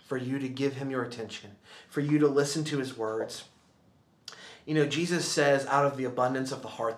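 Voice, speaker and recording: A man pastor preaching a sermon in an earnest, repetitive cadence, dropping to a hushed voice for prayers. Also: mid-range voice, steady tone, normal speed, reverberant.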